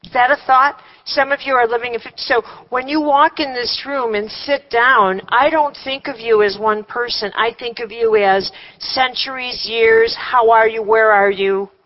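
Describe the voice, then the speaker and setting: A woman speaks to a seated group at a workshop with a fairly high voice, asking rhetorical questions and slipping in wry humor. The recording is dull and lo-fi. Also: steady tone, normal speed, few pauses. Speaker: workshop teacher. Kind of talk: live workshop talk to a group.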